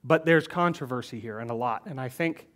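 A middle-aged pastor preaching in church, who speaks with feeling and moves between loud, stressed lines and hushed, almost whispered words. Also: male voice, mid-range voice, fairly quick. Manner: emotional, swings from loud emphasis to hushed near-whispers. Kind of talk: sermon.

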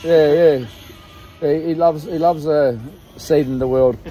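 Jokey high-voiced Australian man. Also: steady tone, measured pace, mellow. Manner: jokey, teasing, laughs often. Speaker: vlogger. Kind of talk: casual campsite chat. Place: campsite outdoors at night.

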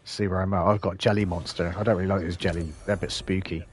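A man's voice: low voice, steady tone, fast. A man in his fifties hosting a game livestream, chatting casually with swearing and playful sign-offs. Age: 50s. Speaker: livestream host. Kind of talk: casual gaming stream chat.

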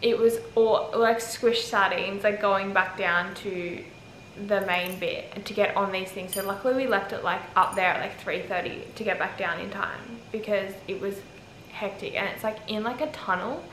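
A woman's voice: mid-range voice, moderate pace. A young Australian woman telling a travel story to camera in a rambling, chatty way, filling her speech with "like". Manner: rambling, heavy use of "like", animated retelling. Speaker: travel vlogger. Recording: echoey with faint ambient noise.

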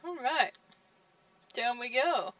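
Woman, gaming streamer, casual play-by-play, laughs a lot, bright tone, set back from a dry mic. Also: a little high, lively intonation, slow, no room sound, recorded from a distance, lo-fi sound. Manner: laughs often, playful reactions. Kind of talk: casual gameplay commentary.

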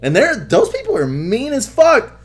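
A young man co-hosts a podcast of casual gaming chat, telling stories with lots of swearing and frequent laughter in an animated way. His voice is husky and very high-pitched, moving at a normal pace, with faint music in the background.

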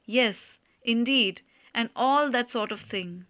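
A woman's voice: fairly high pitch, slow, fairly bright tone, no room sound, studio quality. A woman reading the part of a gushing older male landowner who showers his guest with fond names. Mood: overjoyed. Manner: fawning, heaps on endearments.

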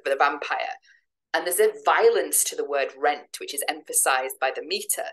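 A woman giving a measured, explanatory academic lecture, now and then reading poetry dramatically. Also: sits low, poor audio.

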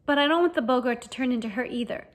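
A timid schoolboy, read by a woman in a storybook reading. He answers haltingly and uncertainly, never quite sure of himself. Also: sits high, voice pushed up. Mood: nervous. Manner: hesitant, unsure. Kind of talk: fan audiobook reading.

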